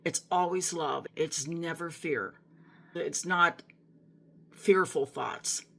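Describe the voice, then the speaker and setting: Middle-aged woman sharing a faith story, earnest and emotional, lowish voice with a lot of fry. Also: takes it slowly, bright, forceful tone. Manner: earnest and emotional, with frequent restarts. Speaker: Christian vlogger. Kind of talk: personal testimony talk to camera.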